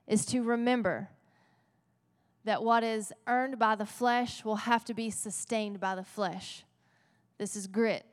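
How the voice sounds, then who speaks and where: A woman's voice: medium pitch, clear, resonant tone. A woman pastor preaching a sermon in a playful, conversational way, often checking in with the congregation. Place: church sanctuary. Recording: long church reverb.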